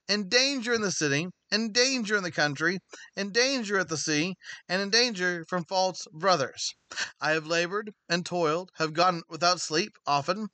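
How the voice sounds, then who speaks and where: A man's voice: fairly high pitch, pushed and bright, no room sound. A man giving an informal sermon-style Bible study, earnest and conversational, often restarting his sentences. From United States. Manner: earnest and conversational, with frequent restarts and filler words. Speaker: Bible teacher.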